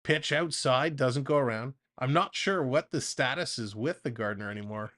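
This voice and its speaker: A man doing casual live play-by-play for a fan stream, chatting off-topic between pitches and laughing often. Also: normal speed, fairly bright tone.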